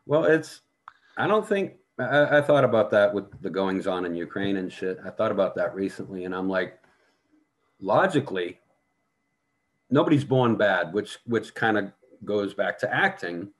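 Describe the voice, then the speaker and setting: Gruff deep-voiced man, swearing storyteller. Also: animated, normal speed. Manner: profane, blunt storytelling. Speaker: guest. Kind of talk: casual conversation, storytelling.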